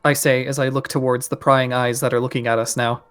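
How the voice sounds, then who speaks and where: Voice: medium pitch, little pitch movement, a little fast, a bit bright. A player in a tabletop game, speaking casually and asking practical questions about the rules. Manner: practical, asks rule questions.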